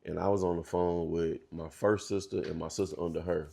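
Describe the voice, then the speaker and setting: Man, thirties, halting candid storytelling, slangy, gravelly rasp. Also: low voice, little pitch movement, dark tone, slight background noise. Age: 30s. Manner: halting, restarts often, slangy and profane. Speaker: interview guest.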